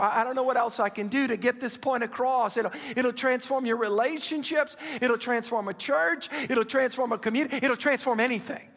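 Husky high-voiced preacher in a reverberant hall. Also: male voice. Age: 50s. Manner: impassioned, urgent preaching that drops to hushed asides. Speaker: pastor. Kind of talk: sermon.

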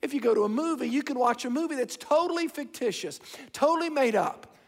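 Preaching with animated energy and a fairly quick pace, a middle-aged pastor with a very high voice hammers points home by repeating himself and varying his speed. The sound carries the reverb of a large sanctuary hall.

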